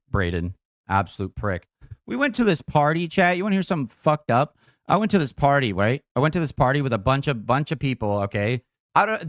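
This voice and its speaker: A man's voice: mid-range voice, no room sound, clean studio sound. A young man streaming a game, chatting to his viewers in a rambling, profane way, packed with fillers as he tells stories. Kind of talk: casual chat with stream viewers.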